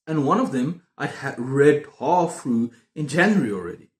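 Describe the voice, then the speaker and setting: A man chatting casually about books on his video channel, excitable and prone to repeating himself. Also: mid-range voice, moderate pace. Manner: excitable, repeats words and phrases. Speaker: book vlogger. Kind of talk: casual book review chat. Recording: roomy echo.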